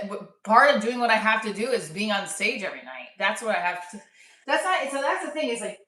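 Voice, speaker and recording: A woman's voice: lowish voice, sharp tone, recorded from a distance. A woman in her thirties, a stand-up comic, talking candidly to camera in a rambling, casual vlog, swearing and laughing at herself. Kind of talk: casual self-talk vlog. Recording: roomy echo, voice a bit off-mic.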